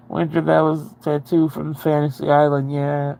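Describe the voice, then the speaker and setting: A woman's voice: low voice, fairly even intonation, measured pace, hardly any pauses, a little mellow. A woman hosting a casual livestream, rambling and chatty as she answers viewer comments and swears freely. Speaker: livestream host.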